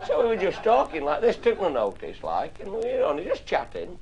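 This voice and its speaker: A man's voice: high-pitched, wildly swooping pitch, fairly quick, gravelly, a little mellow, muffled recording. A man telling salty, earthy stories to a live audience, swearing casually and chuckling as he goes. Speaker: comedic raconteur. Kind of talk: anecdotal storytelling to a live audience. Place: live event before an audience. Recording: live audience laughter behind.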